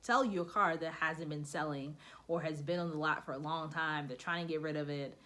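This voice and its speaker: A young woman vlogging in a relaxed, chatty way, her voice sitting a little low for a woman. She keeps slipping into quick acted-out exchanges as she gives practical advice. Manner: chatty, acts out quoted dialogue. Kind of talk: casual advice vlog.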